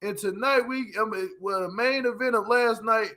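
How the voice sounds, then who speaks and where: A man hosting a casual reality TV recap vlog, talking in slang with animated energy and frequent laughter. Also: high voice, normal speed.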